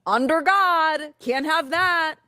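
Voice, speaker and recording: A woman's voice: high-pitched, slow pace, bright, forceful tone, no room sound, studio quality. A woman in a commentary video, speaking with indignant sarcasm. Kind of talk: commentary video played on stream.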